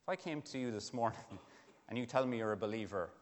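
A man's voice: lowish voice, brisk. A man preaching a sermon, earnest and building to emphatic questions. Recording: long hall reverb.

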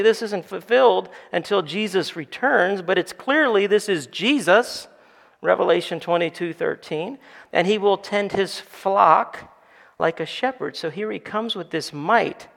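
A pastor preaches a sermon, building to emphatic calls for the congregation to answer. His high-pitched voice is a little slow, creaky and a bit bright, carried by the long reverb of a church hall.

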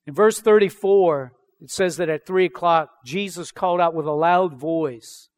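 A man's voice: on the high side, moderate pace. A man preaching a sermon as pastor, reading scripture aloud and then explaining it with emphatic questions.

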